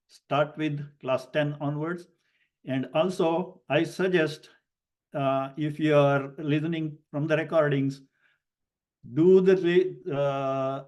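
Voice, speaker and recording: A man teaching a Sanskrit grammar class online, explaining slowly and deliberately with many fillers and spelling out syllables letter by letter. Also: fairly high pitch, a little mellow. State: coughing at times.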